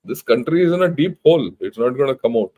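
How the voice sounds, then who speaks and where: The audio is poor, but this older man's medium-pitched, dark-toned voice comes through lively and quick, with an Indian English accent. A retired army general, he gives an informal, emphatic lecture that is blunt and heavy on rhetorical questions.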